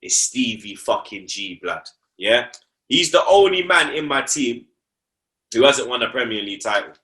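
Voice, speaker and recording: A man's voice: mid-range voice, big pitch swings, moderate pace, pushed and bright. A young man, talking football on a casual podcast, slangy and repeating himself for emphasis.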